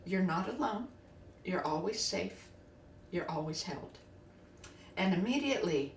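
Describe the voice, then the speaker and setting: A woman podcast host and biofield tuner telling a personal spiritual story in a soft, earnest way, often halting and restarting. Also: mid-range voice, a little hiss or hum. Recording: roomy echo, distant from mic.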